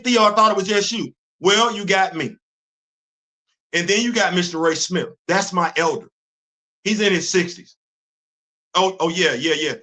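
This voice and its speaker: A man's voice: high voice, bright, forceful tone. A middle-aged man, hosting his own show in heated, emphatic casual commentary and repeating himself for force. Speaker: host.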